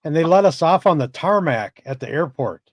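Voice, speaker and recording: A man's voice: fairly high pitch, animated, moderate pace, no echo, clean studio sound. A man co-hosting a casual live-stream chat, laid-back and swearing freely while reading chat messages aloud. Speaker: co-host.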